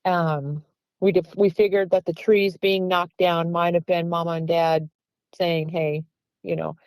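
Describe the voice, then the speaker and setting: A woman's voice: lowish voice, level tone, a little slow, darkish tone, no echo, low-quality recording. Earnest woman telling an encounter story. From Pennsylvania. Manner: earnest storytelling, acts out quoted speech. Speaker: guest. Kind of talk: recounting an encounter.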